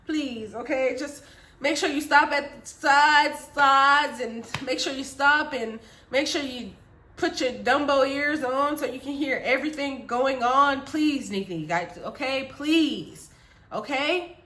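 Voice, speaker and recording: A woman's voice: high-pitched, takes it slowly, sharp tone, full character voice. A woman voicing her anxious, protective mother, who repeats warnings and prays aloud, in an echoey room. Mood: pleading.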